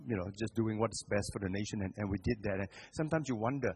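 Man, middle-aged, husky voice, guest sermon, animated, hushed-to-loud swings, frequent restarts. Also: on the low side, fast talker. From Singapore. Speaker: guest preacher.

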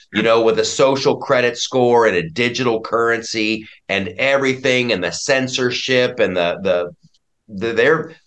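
A man's voice: mid-range voice, fairly bright tone. A man speaking as a guest in a political talk-radio conversation, emphatic and prone to restarting his sentences.

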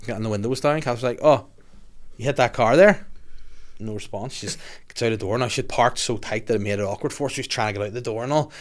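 A young adult man with a Northern Irish accent, co-hosting a podcast and telling stories in animated casual chat, swearing freely. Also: mid-range voice, fast talker. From Northern Ireland. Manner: animated storyteller, swears freely, acts out others' lines. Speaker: podcast co-host.

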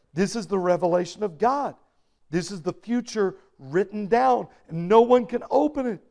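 A man's voice: high voice, gravelly. A man preaching a sermon, emphatic and building to bursts of intensity. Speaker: pastor.

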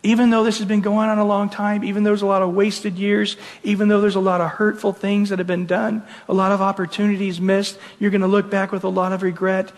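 High-voiced man preaching in a reverberant hall. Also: brisk, hardly any pauses. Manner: earnest, animated preaching with acted-out quotes. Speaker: pastor. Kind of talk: sermon.

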